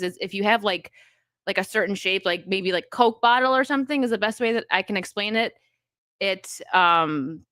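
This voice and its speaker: A woman's voice: mid-range voice, bright, forceful tone, dry recording. An American woman live-streaming in casual chat, reading viewer donations aloud, rambling with many fillers and restarts and laughing often. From United States.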